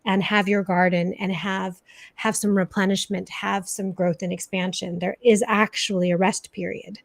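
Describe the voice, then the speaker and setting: A woman's voice: mid-range voice, flat delivery, normal speed, creaky, no echo. A woman hosting a reflective chat on wellness, repeating words for emphasis. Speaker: host. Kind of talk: casual chat.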